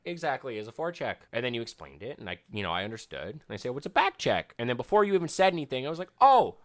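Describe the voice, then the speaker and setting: A man's voice: medium pitch, sing-song, rapid-fire, dry recording. A young man, co-hosting a casual podcast, cracking sarcastic jokes and swearing a lot. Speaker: podcast co-host. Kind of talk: casual chat.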